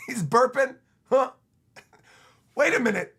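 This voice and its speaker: A man streaming a comic reaction live, excitable and emphatic, who often repeats himself. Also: extremely high pitch, extremely slow, gravelly, long pauses, husky.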